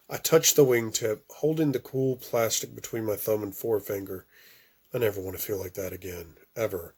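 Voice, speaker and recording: A man reading a first-person novel aloud, with occasional stumbles and restarts and phrases that drop off softly. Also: lowish voice. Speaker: audiobook reader.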